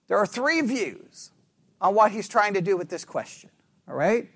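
A man teaching a Bible study class in an animated, conversational way, asking the class questions and correcting himself as he goes. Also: high voice, normal speed.

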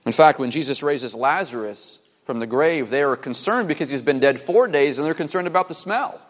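A man preaching a sermon as a pastor, emphatic, with dramatic pauses and repeated phrases. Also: a little high, animated. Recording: long hall reverb.

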